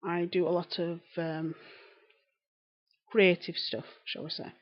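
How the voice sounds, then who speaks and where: A woman's voice: on the low side, flat delivery, takes it slowly. A woman from York with a Yorkshire accent, chatting casually on a live stream while knitting and answering viewers' comments. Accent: Northern English, Yorkshire. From England. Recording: slightly dull lo-fi stream audio.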